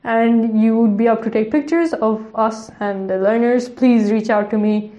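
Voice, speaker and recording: A chatty woman co-hosts a casual podcast, giggling often and padding her sentences with fillers. Her voice sits a touch high, and the recording rings with a roomy echo. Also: normal speed, mellow. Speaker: podcast co-host.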